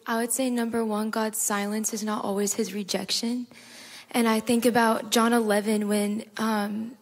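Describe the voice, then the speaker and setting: A woman on a panel sharing her faith testimony in an earnest, conversational way, with a lot of "like". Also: medium pitch. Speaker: panel guest. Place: large hall at a live church gathering. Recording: long hall reverb.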